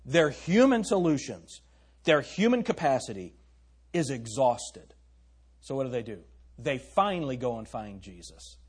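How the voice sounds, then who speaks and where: Pastor, middle-aged man, husky and lively, emphatic sermon with questions to the congregation. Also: medium pitch, a little slow.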